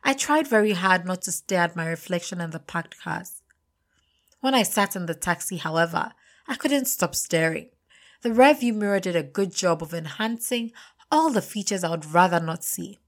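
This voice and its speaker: A young woman reads a personal story aloud, confiding and expressive, her fairly low voice rising on emotional beats. Storytelling narration directly to the listener. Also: normal speed.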